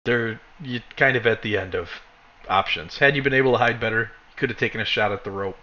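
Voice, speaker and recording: A man running a tabletop game as dungeon master, chatty and quick to laugh. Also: fairly low pitch, pushed and bright, highs cut off. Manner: laughs often, loose and chatty.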